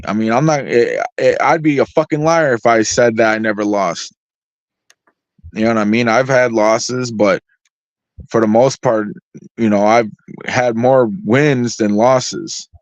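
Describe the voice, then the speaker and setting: A man's voice: medium pitch, steady tone, unhurried, no echo. A man tells loose stories in a mid-range voice, swearing constantly and wandering through "like" and "you know". The recording is dry and a little dull, like a lo-fi setup. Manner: heavily profane, rambling with fillers. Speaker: guest artist. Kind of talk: casual storytelling. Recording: dry, slightly dull lo-fi sound.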